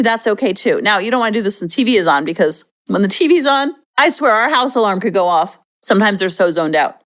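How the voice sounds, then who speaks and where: A woman's voice: fairly high pitch, a bit bright. A woman hosting a parenting podcast, giving casual, upbeat advice in a chatty way. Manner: chatty and upbeat, slips into playful acted demonstrations.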